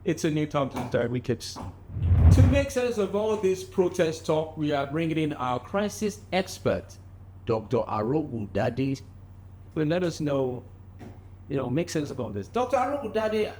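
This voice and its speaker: A playful Nigerian man hosts a satirical news show, now and then flustered by his guests. His voice is a little above average in pitch. Clear noise runs under him. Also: very animated, moderate pace, a little mellow. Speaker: show host.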